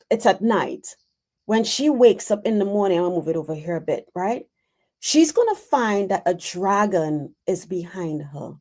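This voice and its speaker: A woman's voice: medium pitch, dark tone. A woman doing an oracle card reading on a live stream, speaking in an earnest, reassuring way and repeating phrases for emphasis.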